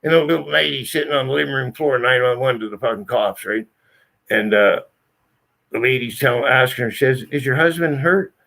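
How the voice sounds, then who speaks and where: A man's voice: mid-range voice, steady tone, a little fast, gravelly, pushed and bright. A man telling a story to friends in a blunt, profane, emphatic way. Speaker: channel host telling a story. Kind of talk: casual storytelling.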